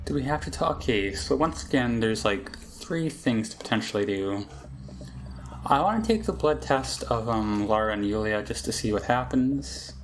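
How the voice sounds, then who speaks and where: A man's voice: mid-range voice, expressive, normal speed, a little hiss or hum. Casual man thinking aloud over a game. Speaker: gameplay commentator. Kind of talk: let's play commentary.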